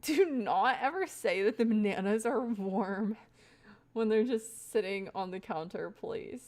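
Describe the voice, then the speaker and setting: A woman's voice: mid-range voice, measured pace, a little mellow. A young woman livestreaming, rambling casually to her chat with frequent laughs. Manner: chatty, rambling, laughs often, talks to chat.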